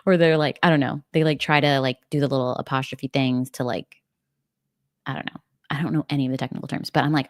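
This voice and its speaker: A young woman from the United States hosts a casual livestream, bubbly and chatty, sprinkling in "like" and small laughs. Her voice is low with a steady tone, and she talks briskly. The recording is dry and studio-clean.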